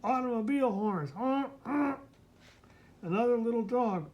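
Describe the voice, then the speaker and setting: A woman's voice: medium pitch, animated, takes it slowly, highs cut off, a little hiss or hum. A woman reading a children's picture book aloud to a child, mimicking the sounds and asking the listener questions.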